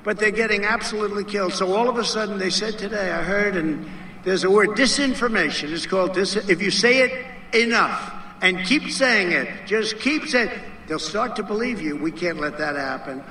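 A man's voice: high voice, normal speed, pushed and bright, slight background noise. A man giving a rally speech in a rambling, repetitive way, full of emphatic asides. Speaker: political speaker. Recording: roomy, heard from a distance.

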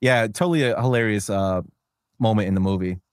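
A man's voice: lowish voice, fairly quick, dry recording, studio quality. A man hosting a podcast, chatting casually and rambling with filler words. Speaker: podcast host. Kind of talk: casual chat.

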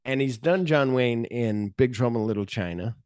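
A man's voice: mid-range voice, moderate pace, a little mellow, smooth, dry recording, clean studio sound. A man hosting a podcast, casually recapping film scenes and acting out the characters' lines. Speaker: podcast host. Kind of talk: casual movie discussion.

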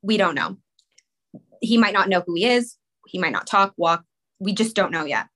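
A woman in her thirties, a guest on a talk show, telling an emotional personal story in a rushed, rambling way full of "like". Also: mid-range voice, animated, a bit bright. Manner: rushed, rambling, many "like" fillers. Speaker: podcast guest, mother.

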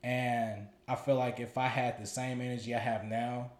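Man, 30s, middle pitch, profane storyteller, echoey room. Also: level tone, moderate pace. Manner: loose, profane, repeats words as he thinks. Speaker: podcast co-host. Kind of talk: candid storytelling chat.

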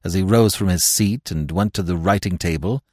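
A man reading a classic novel aloud as the narrator in an expressive storytelling manner. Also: low-pitched, moderate pace, no room sound, studio quality. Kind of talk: scripted audiobook narration.

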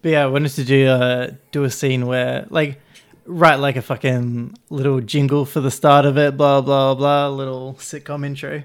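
A man's voice: mid-range voice, little pitch movement, normal speed, clear, resonant tone. A man telling a rambling story in casual chat, laughing often and swearing a lot.

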